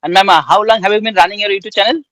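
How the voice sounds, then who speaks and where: A man interviewing a guest, asking polite, halting questions in a casual conversation. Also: high voice, dry recording, rough recording. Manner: polite, halting, flat delivery.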